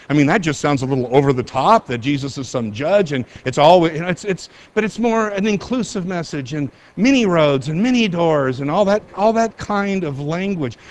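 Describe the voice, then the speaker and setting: A middle-aged male pastor delivering a sermon in a somewhat high voice. He preaches emphatically, drawing out key phrases slowly and rushing through asides. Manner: emphatic, varies pace for emphasis.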